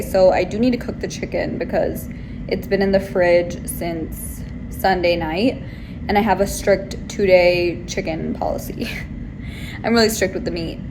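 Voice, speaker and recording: A woman's voice: mid-range voice, background noise. A young woman vlogging to camera, venting in a rambling way with lots of fillers. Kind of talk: casual chat to camera.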